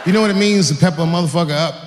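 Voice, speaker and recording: A man performing profane stand-up comedy on stage, acting out stories with shouted sound effects. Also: on the high side, very fast. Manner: profane, animated, full of acted-out sound effects. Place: stage in a large hall. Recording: echoey hall, faint noise.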